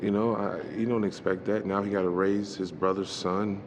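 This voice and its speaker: A man giving a candid sit-down interview, talking haltingly with many fillers. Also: lowish voice, flat delivery, slight background noise. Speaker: interview guest.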